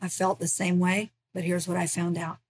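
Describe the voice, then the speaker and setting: A woman's voice: fairly low pitch, level tone, moderate pace, a little mellow. A middle-aged woman, a ministry founder, telling her personal faith story as a guest in a podcast interview, earnest and emotional.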